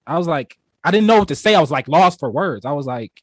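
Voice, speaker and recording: A man's voice: a little high, expressive, fast talker, hardly any pauses, dry recording, studio quality. A young man co-hosting a casual podcast, telling a long personal story in a rambling way, with lots of restarts and "you know". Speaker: podcast co-host.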